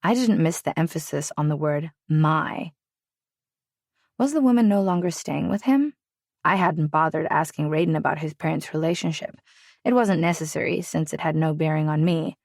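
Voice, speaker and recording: A woman narrating a romance audiobook in the first person, with steady, even storytelling. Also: deep voice, normal speed, creaky, dry recording, studio quality.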